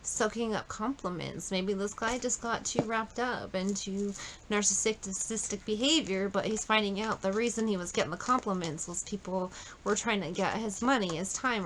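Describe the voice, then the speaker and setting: A woman's voice: medium pitch, fairly bright tone, slight background noise, rough recording. A woman doing a casual tarot reading, blunt and profane, thinking aloud as she pulls cards. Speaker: tarot reader.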